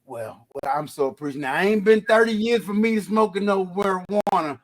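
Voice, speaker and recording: High-voiced man hosting a podcast. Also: lively intonation, a little fast. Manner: emphatic, preacher-like praise. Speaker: podcast host and DJ. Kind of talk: casual podcast chat.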